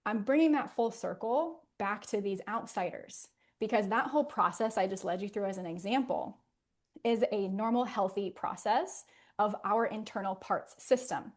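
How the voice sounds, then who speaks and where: A woman therapist talks in an interview at a medium pitch. Her manner is earnest and gentle as she explains. She often drops into a soft, soothing hush. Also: normal speed.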